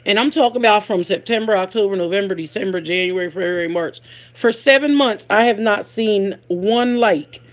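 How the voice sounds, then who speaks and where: A woman's voice: medium pitch, normal speed. A woman hosting a casual live stream, chatting with her viewers and reading their comments aloud, laughing often. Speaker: livestream host.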